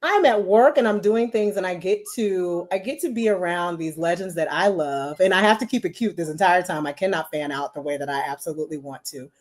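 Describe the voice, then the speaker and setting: A woman's voice: on the low side, fairly quick, few pauses. A woman in her forties, a marketing executive telling stories as a podcast guest, chatty and full of "you know". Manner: chatty, animated, many "you know" fillers. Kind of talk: casual storytelling interview.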